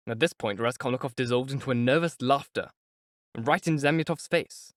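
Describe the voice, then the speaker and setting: A man reading a classic novel aloud as audiobook narrator, measured and expressive. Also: medium pitch, no echo, clean studio sound. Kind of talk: scripted narration.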